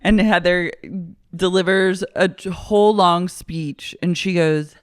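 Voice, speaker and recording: Crisp dry-sounding podcast co-host. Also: mid-range voice, steady tone, slow, dry recording. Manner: narrates scenes, lots of fillers and mimicked quotes. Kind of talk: casual recap chat.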